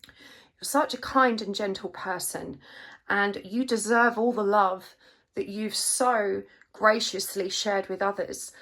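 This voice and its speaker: A woman giving a gentle, reassuring tarot reading, emotional at times. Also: medium pitch. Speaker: tarot card reader. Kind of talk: gentle spiritual reading to camera.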